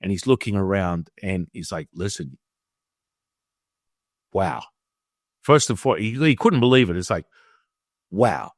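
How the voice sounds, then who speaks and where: A man guest on an interview show, telling a personal story in a casual, animated way and acting out the people in it. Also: fairly low pitch, fast, hardly any pauses, dry recording, clean studio sound. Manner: animated, acts out quoted dialogue. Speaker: guest, Taoist teacher.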